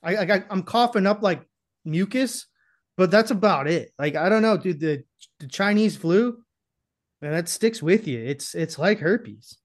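A man's voice: high voice, expressive, measured pace. A man in casual chat, crude and profane with a joking manner, nursing a lingering cough.

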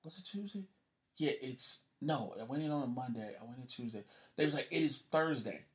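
With a medium-pitched voice and a fairly quick delivery, a man tells a story as a guest in a casual chat. He swears freely and gets animated, putting on the voices of the people he quotes.

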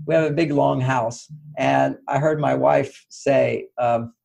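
Gravelly, husky older man. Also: medium pitch, slow pace. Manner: animated, acts out quoted dialogue. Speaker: author and podcast guest. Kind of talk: conversational storytelling interview.

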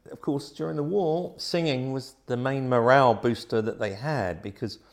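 A man's voice: medium pitch, moderate pace, creaky. Man telling stories. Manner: animated, acts out voices in his stories. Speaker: guest. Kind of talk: anecdotal storytelling.

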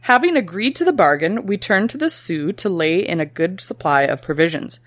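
A woman's voice: lowish voice, expressive, normal speed, no echo. A woman co-hosting a casual history podcast, reading old quotes aloud and joking between passages. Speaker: podcast co-host.

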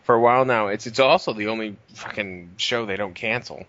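Low-voiced man reading news casually. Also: fairly quick, a bit bright, dull audio. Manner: laid-back, swears casually, reads quotes with fillers. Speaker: podcast co-host.

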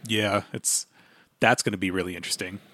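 A man co-hosting a podcast in casual chat, rambling and excitable, with sarcastic asides. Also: low-pitched, fairly quick, no echo, studio quality. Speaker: podcast co-host.

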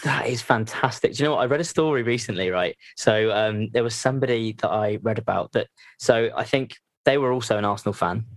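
A young man hosting a chat over a video call, talking quickly in a slightly low voice. He's jokey and loose, full of fillers and restarts. The sound is close and dry, with little room to it. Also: no room sound. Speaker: podcast host. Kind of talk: casual video-call interview. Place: messy bedroom at his parents' house.

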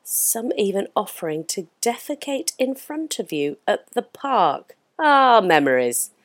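Casting note: English woman host, chatty and crude, swooping pitch, dry close sound. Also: very animated, a little slow, dry recording. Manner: bawdy, exclaiming, laughing at her own jokes. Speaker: podcast host reading listener messages. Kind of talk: casual comedic chat. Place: hotel room.

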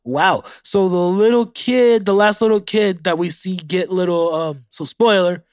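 A man's voice: high-pitched, measured pace, no echo, clean studio sound. Profane young man chatting solo on his podcast. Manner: profane, reacts aloud while reading facts. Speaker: podcast host. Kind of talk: casual solo podcast chat.

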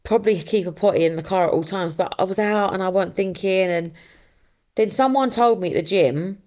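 A woman's voice: mid-range voice, fairly quick, darkish tone. A woman hosting a casual solo podcast, telling a story in a chatty way and acting out the voices she quotes. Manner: swears casually. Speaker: podcast host.

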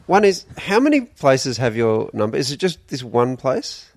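A man's voice: mid-range voice, very animated, normal speed, no echo. A man guesting on a podcast, asking dry, probing questions in casual banter.

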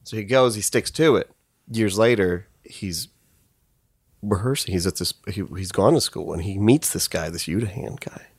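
A man's voice: lowish voice, normal speed, breathy edge, dry recording, clean studio sound. A man telling a profane comic story in a loose, crude, casual way. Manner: loose, crude, swearing, animated.

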